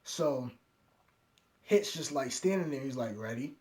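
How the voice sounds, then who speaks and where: A young man casually recapping an anime episode scene by scene, acting out each character's lines in quick quoted bits. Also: medium pitch, animated, darkish tone. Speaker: anime reviewer.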